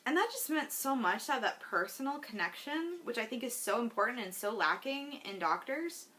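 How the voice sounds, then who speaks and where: A woman speaking straight to her viewers in a personal video diary, her voice bright and forward. She talks in an earnest, heartfelt way, rambling a little and filling the gaps with "like" and "um". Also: fairly high pitch, expressive, moderate pace. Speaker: vlogger.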